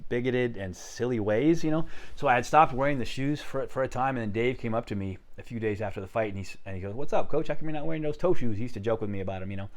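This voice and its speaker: A man's voice: mid-range voice, quick pace. A man casually telling a story from his own life, rambling and conversational, often acting out the lines of the people in it. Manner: rambling, conversational, frequent "you know" and restarts, gets quiet on quoted lines; lively storyteller who acts out the other people's lines.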